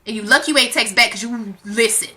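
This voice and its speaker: A young woman vlogger telling a storytime rant in a brash, profane, animated way. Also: fairly high pitch, fast talker.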